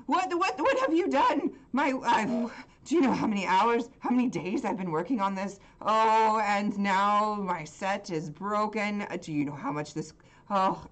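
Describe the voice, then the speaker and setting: A woman's voice: normal speed, close to an everyday voice. Woman doing a frantic sobbing male chemist. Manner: shrill, panicked, pleading.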